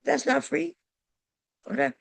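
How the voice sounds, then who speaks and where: Woman, sewing vlogger, casual storytelling, emphatic, talks to viewers, higher voice, dry close sound. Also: unhurried, vocal fry, no echo. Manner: exasperated retelling with rhetorical questions. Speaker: sewing channel host.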